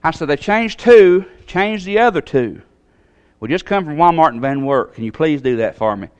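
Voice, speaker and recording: A man telling a long personal story in a sermon, in a folksy, animated way with sudden jumps in pitch. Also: moderate pace, smooth.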